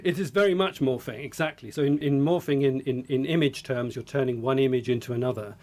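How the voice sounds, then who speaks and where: A man, a speech technology researcher, explaining his work in a measured interview. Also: mid-range voice, a little mellow.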